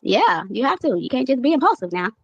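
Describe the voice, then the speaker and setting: A woman's voice: sits high, very animated, fast, muffled recording. A woman from Compton chatting in an interview, laid-back and peppering her talk with "you know what I'm saying". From Compton, California. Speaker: interview guest. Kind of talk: casual interview chat.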